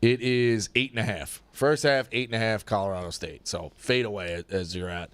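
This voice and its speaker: A man's voice: on the low side, fairly even intonation, normal speed, smooth, dry recording. A man co-hosting a sports betting show, giving his picks bluntly and swearing casually. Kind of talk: casual panel chat.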